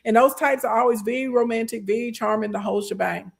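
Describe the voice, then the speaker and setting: Young woman w/ aave spilling a story to chat, sassy, voice kinda high, bouncy. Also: fast talker, vocal fry. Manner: animated, sassy, acts out quoted voices. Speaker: streamer. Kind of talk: casual storytelling to a live chat.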